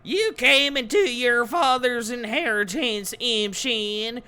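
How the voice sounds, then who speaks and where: A man's voice: extremely high pitch, slow pace, pushed and bright, clear, resonant tone, pitched above the performer's own voice, heavily acted. A man voicing an ancient female spirit who recites solemn, adoring praise.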